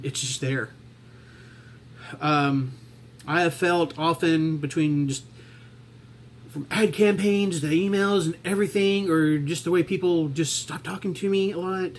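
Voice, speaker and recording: A man talking to his camera in a reflective personal vlog, halting and heartfelt, with many restarts and fillers. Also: a little high, slight background noise. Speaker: vlogger.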